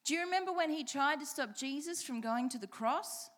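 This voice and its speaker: A woman's voice: high voice, lively intonation, brisk, fairly bright tone. A woman preaching a sermon, reading scripture aloud and repeating key lines with changing emphasis, asking the congregation direct questions.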